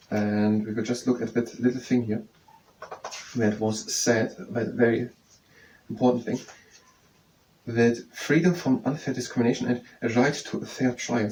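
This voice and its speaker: Male tutor, mellow dark voice, slow repetitive explaining, slightly distant mic with faint noise. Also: medium pitch. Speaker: study tutor. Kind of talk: explaining lesson with yoga breaks.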